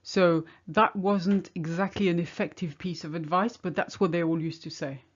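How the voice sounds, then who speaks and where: A middle-aged woman from France speaks English with a French accent, her voice sitting a little low. She explains things in a wry, chatty way, like a teacher in a video lesson. The recording sounds a bit dull and muffled. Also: fairly even intonation, normal speed. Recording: slightly muffled home recording.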